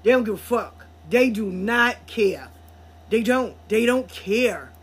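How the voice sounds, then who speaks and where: A woman hosting a podcast, telling a story in a blunt, profane, animated way. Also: on the high side, takes it slowly, slightly rough. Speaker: podcast host. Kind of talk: casual storytelling monologue.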